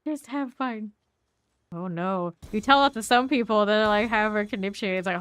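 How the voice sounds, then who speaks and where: A woman's voice: medium pitch, fairly bright tone, smooth, dry recording. Chatty woman game streamer. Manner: chatty, reads chat aloud and answers it, with quick asides; mutters item names while looting. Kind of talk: casual live-stream chat while playing.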